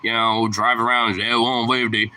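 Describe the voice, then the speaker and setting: Young dude from portland rambling on camera, lots of swearing and "like", bright voice. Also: male voice, medium pitch, flat delivery, normal speed, a little hiss or hum, poor audio. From Portland, Oregon. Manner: rambling, heavy swearing, filler words. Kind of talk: casual vlog talk.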